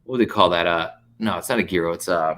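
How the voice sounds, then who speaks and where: A man, a podcast guest, telling stories in casual, animated chat full of fillers and swearing. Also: deep voice, quick pace. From United States.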